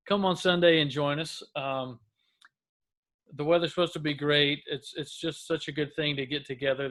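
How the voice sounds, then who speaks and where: A man's voice: on the high side, a bit bright. A man, a pastor, giving an earnest mid-week devotional talk to camera, with frequent restarts. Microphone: camera close up.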